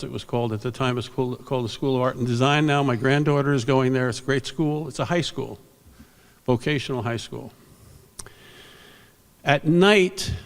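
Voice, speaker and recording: Gravelly older man telling stories on stage. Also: mid-range voice. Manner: rambling anecdotal, animated asides to the audience. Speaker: award presenter. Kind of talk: storytelling speech at an awards ceremony. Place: convention hall stage. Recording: reverberant convention hall.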